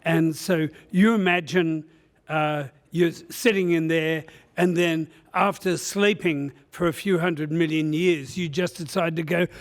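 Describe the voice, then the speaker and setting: A man's voice: a little high, steady tone, measured pace. A man giving a conference presentation, joking and rambling with many "uh" fillers. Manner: humorous, rambling storyteller with frequent "uh" fillers. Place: conference session room.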